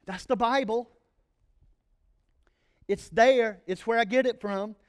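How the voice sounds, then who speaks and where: Pastor guy, pretty high voice, preaching with jokes and energy. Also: slow pace. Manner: animated preaching with playful asides. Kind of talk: sermon.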